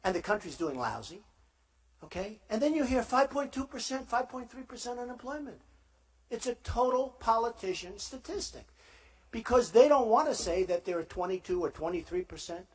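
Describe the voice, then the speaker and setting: A man in his later years works a rally crowd from a podium, his voice husky and pitched fairly high for a man. He repeats phrases, boasts and throws casual questions at the audience as he talks. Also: lively intonation, moderate pace. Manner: repetitive, boastful, conversational asides to the crowd. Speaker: political candidate. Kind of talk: campaign rally speech. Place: school hall, live rally.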